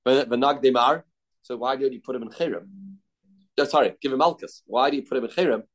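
A man giving a daily Talmud class, retelling the rabbis' exchanges with animated back-and-forth and Aramaic terms mixed into his English. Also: mid-range voice, brisk, poor audio. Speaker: Talmud teacher. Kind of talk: daf yomi lesson, retelling a Talmud story.

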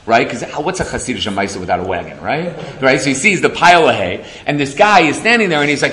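A man's voice: medium pitch, expressive, racing, few pauses, a bit bright, a little hiss or hum. A man giving a Torah class, telling stories and acting out the quotes. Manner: storytelling, acting out quotes, laughs along. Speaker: Torah lecturer.

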